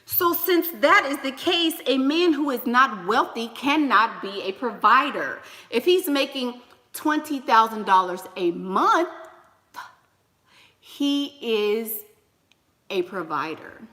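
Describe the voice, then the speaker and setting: A young woman hosting a casual livestream, lecturing with emphatic repetition and shouting greetings to donors. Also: on the high side, animated, slow pace. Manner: preachy, repeats points for emphasis. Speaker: livestream host. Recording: roomy with long reverb.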